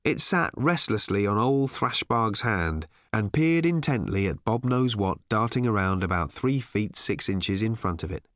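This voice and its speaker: Expressive man reading an audiobook. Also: lowish voice, a little slow, hardly any pauses, no echo, studio quality. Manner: expressive, wry. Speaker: audiobook narrator. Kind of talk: scripted narration.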